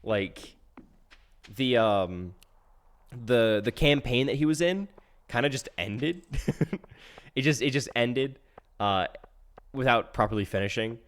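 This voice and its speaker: A man streaming a game live, talking casually in a rambling, self-interrupting way full of restarts, swinging from soft mumbles to loud outbursts. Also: medium pitch, lively intonation, takes it slowly, long pauses. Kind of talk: casual live-stream chat while gaming.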